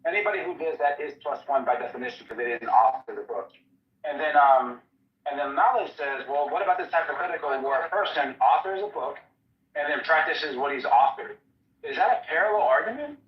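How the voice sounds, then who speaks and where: A man's voice: fairly high pitch, animated, brisk. A man arguing his side in a heated online debate, combative and mocking. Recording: echoey, distant, muffled call audio.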